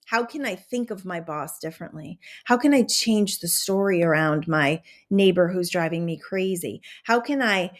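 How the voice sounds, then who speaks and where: A woman hosting a podcast, giving a casual motivational talk with animated enthusiasm and a slight Southern American twang. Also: on the low side, normal speed, few pauses. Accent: drifting into a Southern American twang. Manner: animated, enthusiastic, conversational with many fillers. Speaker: podcast host and manifestation coach.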